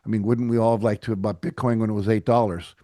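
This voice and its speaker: A man's voice: lowish voice, fast talker, no room sound, clean studio sound. A middle-aged man as a podcast guest, telling stories animatedly and acting out what people said. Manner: animated storyteller, acts out quotes. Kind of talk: casual interview chat.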